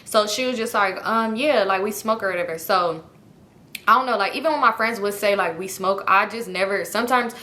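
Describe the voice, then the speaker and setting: A young adult woman casually telling a personal story, animated and profane, acting out the people she quotes. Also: mid-range voice, a little fast. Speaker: storytime vlogger.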